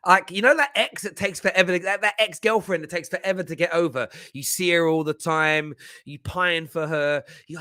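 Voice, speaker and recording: A man hosting a live football reaction stream, talking in an animated, jokey way and reading out viewer comments. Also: on the high side, brisk, dry recording. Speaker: football channel host.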